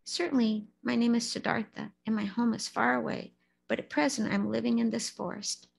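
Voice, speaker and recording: A woman reading as a gentle, serene young hermit. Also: on the high side, fairly even intonation, normal speed, creaky, slight background noise. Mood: kind, reassuring. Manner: quiet and reassuring.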